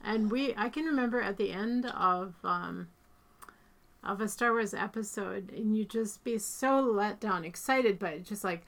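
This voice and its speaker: A woman's voice: medium pitch, unhurried, a bit bright. A middle-aged woman chatting casually as an interviewee, feeling the heat and losing her voice a little. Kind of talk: casual chat.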